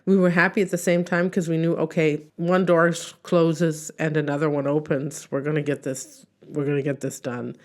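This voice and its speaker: A woman's voice: low voice, level tone, normal speed, few pauses. A woman in her thirties talking candidly about her own experience, retelling conversations in her own words. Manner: candid, reflective, retells with quoted inner speech. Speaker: podcast host. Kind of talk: personal talk about job loss.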